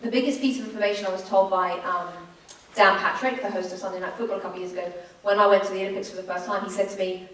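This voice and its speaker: Fast-talking English woman, echoey hall. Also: mid-range voice, recorded from a distance. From England. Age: 30s. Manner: quick, animated storyteller. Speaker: sports broadcaster. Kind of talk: on-stage conversation. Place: school event hall.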